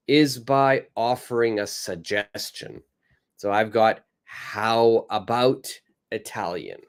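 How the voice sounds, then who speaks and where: A man teaching an online English lesson, greeting viewers by name and reading example dialogues aloud. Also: mid-range voice.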